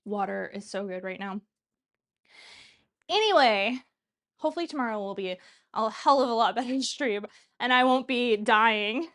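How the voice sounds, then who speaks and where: A woman's voice: fairly high pitch, normal speed, long pauses, fairly bright tone. A woman in her thirties chatting casually while hosting a cooking livestream, rambling and laughing often. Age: 30s. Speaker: cooking show streamer.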